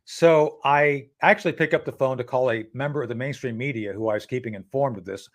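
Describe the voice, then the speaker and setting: A man at an average pitch, speaking as an interview guest. He tells his story in a loose, conversational way and often restarts his sentences. He jumps into voices to act out each exchange. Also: brisk. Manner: animated, acts out dialogue with frequent restarts.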